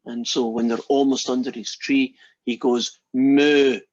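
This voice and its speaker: A man's voice: medium pitch, flat delivery, normal speed, darkish tone, husky, no room sound, muffled recording. A male math instructor lecturing casually and telling a long joke to his class in a chatty, storytelling way.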